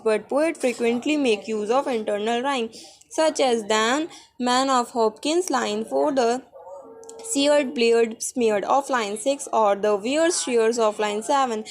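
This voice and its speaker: Halting woman reading a poetry textbook. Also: fairly high pitch. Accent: Indian English. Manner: halting reading with restarts and stumbles. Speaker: student reader.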